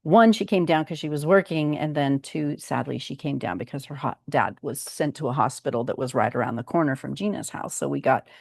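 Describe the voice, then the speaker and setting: Low-voiced older woman, chatty vlog update. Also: fairly quick, gravelly, hardly any pauses, a little mellow, dry recording, studio quality. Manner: chatty and meandering, with frequent ums. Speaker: vlog host. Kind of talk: casual personal update.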